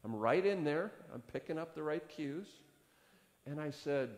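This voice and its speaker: Slow, lively-voiced male pastor in reverb. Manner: conversational, acts out dialogue with rising pitch. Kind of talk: sermon storytelling. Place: church sanctuary. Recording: long hall reverb.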